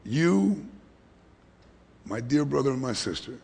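Gravelly husky preacher in a reverberant hall. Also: male voice, mid-range voice, very animated, slow. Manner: dynamic preaching that swings from hushed whispers to loud emphatic lines. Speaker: pastor. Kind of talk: sermon.

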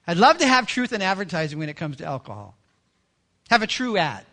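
A man, the pastor, preaching a sermon in a lively, joking way, often mimicking people. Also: high-pitched, a little fast.

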